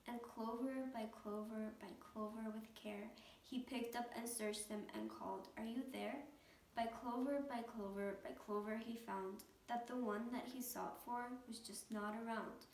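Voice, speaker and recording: A woman reading a rhyming picture book aloud with a lively, rhythmic delivery. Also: fairly high pitch, unhurried, slight background noise. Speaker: storybook reader. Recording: echoey room, mic at a distance.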